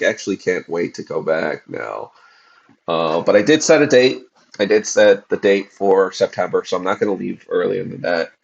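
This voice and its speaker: A man in his forties hosts a podcast livestream, rambling casually with lots of curse words and fillers because fasting has left him tired. His voice sits fairly low with vocal fry, and the audio is dull.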